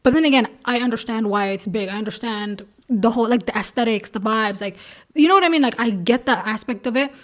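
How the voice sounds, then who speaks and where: A woman's voice: on the high side, fast talker. A young woman vlogging in casual chat, ranting animatedly with lots of fillers and laughing asides.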